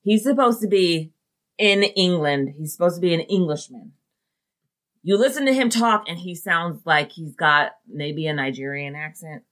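Low-ish voiced woman co-hosting, blunt, swears a lot, laughs easy. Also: moderate pace, fairly bright tone. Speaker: podcast co-host. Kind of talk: casual chat.

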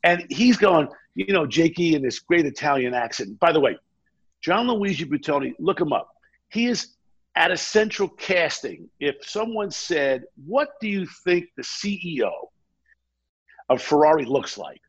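Male guest with a raspy, fairly high voice, spinning a lively anecdote; muffled lo-fi recording. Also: moderate pace. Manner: animated anecdote-telling, acts out quoted dialogue. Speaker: interview guest. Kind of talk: casual storytelling.

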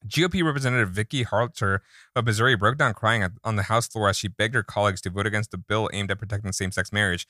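Man, lowish pitch, bright tone, dry close sound, deadpan joke pitching, casual writers' room. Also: fast talker, dry recording. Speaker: comedy writer pitching jokes.

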